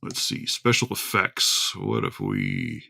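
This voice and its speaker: A man's voice: very deep voice, wildly swooping pitch, slow, gravelly, bright, forceful tone. A man hosting a casual livestream from home into a desktop microphone, rambling and chatty as he greets viewers by name. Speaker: livestream host. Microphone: desktop USB microphone.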